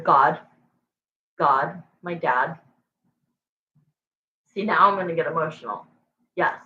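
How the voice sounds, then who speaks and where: A woman's voice: mid-range voice, pushed and bright. A woman tarot reader hosting a livestream, chatting casually with viewers in an emphatic, affectionate way. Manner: chatty, emphatic and affectionate, with frequent "like" and "you know". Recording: echoey room, dull lo-fi sound.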